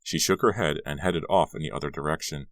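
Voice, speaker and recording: A man narrating a young adult horror novel in a measured reading. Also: a bass voice, no room sound. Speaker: audiobook narrator. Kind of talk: scripted narration.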